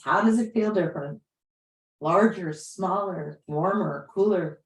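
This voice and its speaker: A woman yoga teacher guiding a class with gentle, unhurried cues and soft affirmations. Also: medium pitch. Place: class room. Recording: roomy echo.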